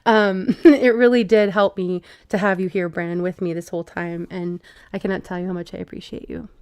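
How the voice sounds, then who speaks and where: A woman hosting a casual livestream, thanking a friend and introducing a video with many pauses and ums. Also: fairly low pitch, fairly even intonation, a little mellow, clean tone, no echo, clean studio sound. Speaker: livestream host. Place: home stream setup.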